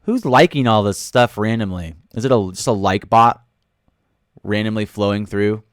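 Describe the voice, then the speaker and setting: A man hosting a casual livestream, reading chat comments aloud, joking with viewers and breaking into loud sudden outbursts. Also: lowish voice, fairly even intonation, moderate pace, clean tone, dry recording, studio quality. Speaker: livestream host. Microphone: studio microphone.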